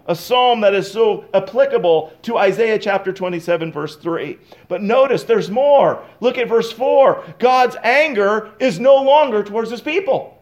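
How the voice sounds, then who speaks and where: High-voiced preacher with dynamic delivery. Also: male voice. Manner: dynamic, swings loud and soft, reads scripture slowly. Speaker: pastor. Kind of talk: expository sermon.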